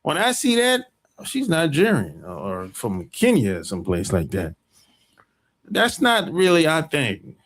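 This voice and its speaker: A man's voice: a little high, huge pitch swings, unhurried, fairly bright tone. An American man hosting a podcast, talking in a rambling, emphatic opinion monologue full of profanity. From United States. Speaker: podcast host.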